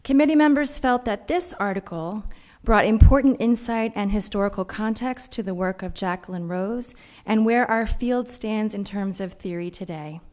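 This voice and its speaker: Woman reading out award winners at a banquet, formal, steady. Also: mid-range voice, normal speed, few pauses. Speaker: award presenter. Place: banquet hall.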